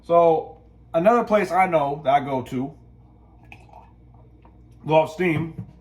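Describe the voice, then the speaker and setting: A man's voice: a little high, animated, slow pace, muffled recording. Laid-back man, rambling. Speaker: vlogger. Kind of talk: casual storytelling monologue.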